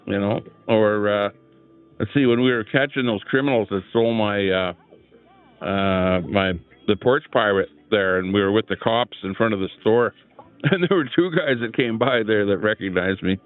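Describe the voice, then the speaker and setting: A low-voiced man rambling through a casual live stream outdoors, greeting his chat between remarks. The sound is tinny and phone-like. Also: moderate pace. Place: outdoor rally, sitting in a lawn chair. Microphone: small clip-on microphone.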